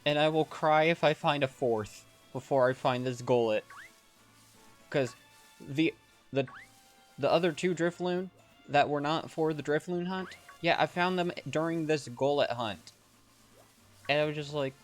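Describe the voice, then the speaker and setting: Playful, slightly high-voiced male streamer. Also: normal speed, faint music behind. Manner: playful, melodramatic whining and teasing chat. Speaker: live streamer. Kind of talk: casual gaming stream chat.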